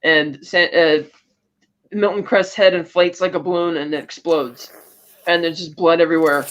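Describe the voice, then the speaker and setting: A man with a notably high voice runs through a film's story in a loose, casual recap. He tells it with animation and often trips and restarts mid-sentence. The audio is slightly muffled and lo-fi. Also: fairly even intonation, moderate pace, a bit bright. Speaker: podcast co-host.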